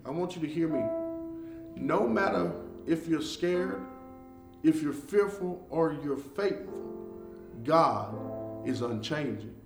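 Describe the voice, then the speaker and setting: A man preaching an online devotional sermon, moving from quiet reflection to loud, fervent, repetitive exhortation. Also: on the high side, distant mic. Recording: echoey room, off-mic, guitar music behind. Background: soft guitar music.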